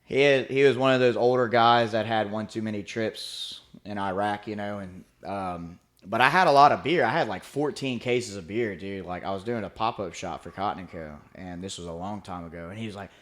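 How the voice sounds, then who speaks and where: Laid-back low-voiced young man rambling. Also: brisk, few pauses, a bit bright. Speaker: podcast co-host. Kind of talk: casual chat.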